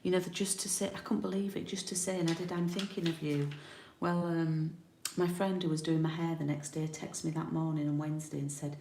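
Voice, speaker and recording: Chatty woman with a gravelly voice. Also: low-pitched, flat delivery, fairly quick, warm tone, slight background noise. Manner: chatty, thinks aloud while working. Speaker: card-making demonstrator. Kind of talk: live craft tutorial. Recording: roomy home recording.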